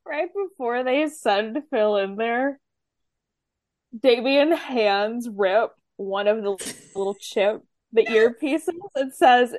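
A woman co-hosting a casual podcast, talking over a TV episode with dry, wry asides. Her voice sits a little high. The sound is close and dry, with no room around it. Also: slow pace, a little mellow, no room sound. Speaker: podcast co-host. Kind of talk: casual chat recapping a TV episode.

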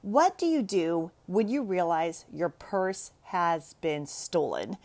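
A woman hosting a show for moms, chatting to the camera and telling a story in an expressive way, often laughing. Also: on the low side, slow pace.

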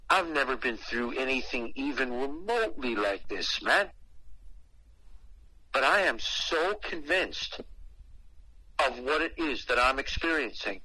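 A man's voice: mid-range voice, no echo, poor audio. A man casually telling a personal story, profane and slangy, acting out what he said back then. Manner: profane, slangy and animated, acting out his own past words.

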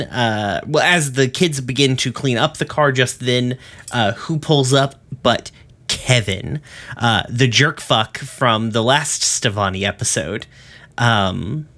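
Bright-voiced man recapping casually. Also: medium pitch. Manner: rambling, profane, lots of fillers. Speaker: podcast host.

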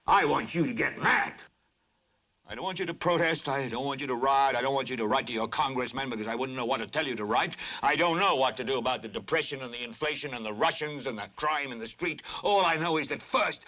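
An actor playing a furious middle-aged TV news anchor, preaching on air and building to shouts. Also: male voice, medium pitch, expressive, a little fast. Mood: enraged. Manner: impassioned, preaching, rising to shouts. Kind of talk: film acting.

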